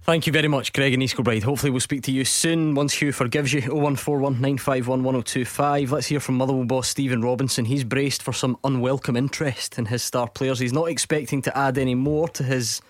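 Wry Scottish sports radio host, dry studio. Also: male voice, medium pitch, steady tone, dry recording. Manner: brisk, wry, steering the chat. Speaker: radio phone-in presenter. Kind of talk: sports radio phone-in hosting.

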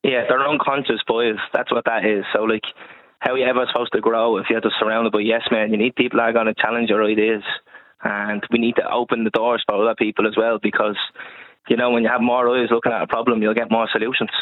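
A man's voice: on the low side, flat delivery, fast talker, dry recording. A young Irish man, a podcast presenter, talking earnestly as a guest on a radio interview. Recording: tinny phone line.

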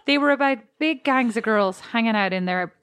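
A woman's voice: a little high, moderate pace, fairly bright tone, smooth, no room sound. A woman with an Irish accent co-hosting a chatty podcast, rambling and restarting her sentences and laughing often. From Ireland. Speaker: podcast co-host. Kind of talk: casual chat.

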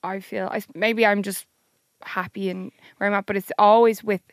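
A young Irish woman co-hosting a podcast in a playful, joking manner. Her voice has a creaky, gravelly grain and sits close and dry on the mic. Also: mid-range voice, flat delivery, moderate pace, dry recording. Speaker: podcast co-host. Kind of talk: casual chat.

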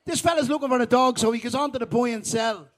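A man's voice: very high-pitched, fast talker. A man with a Dublin accent telling jokes and stories live on a festival stage, rambling and swearing and laughing as he goes. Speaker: guest comedian. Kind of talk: live stand-up storytelling.

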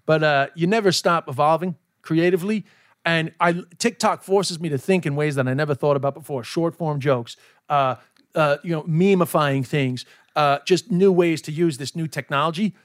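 A man in his forties talks as a podcast guest. His voice sits a little high for a man. His delivery is loose and animated, full of swearing and quick asides. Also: dry recording, clean studio sound. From United States. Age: 40s. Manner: animated, swears a lot, slips into put-on voices. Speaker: comedian guest. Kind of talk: casual podcast chat.

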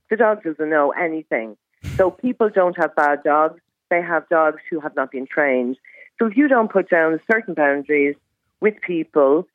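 A middle-aged woman calling into a radio show, telling stories and giving firm, brisk advice. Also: low voice, no echo. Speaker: caller. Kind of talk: phone-in chat. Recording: tinny phone line.

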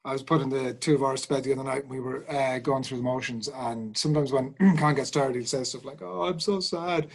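Animated man telling a story. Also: medium pitch, fast talker, hardly any pauses, husky, rough recording. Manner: animated storytelling, acting out quotes. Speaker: podcast co-host. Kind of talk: casual chat.

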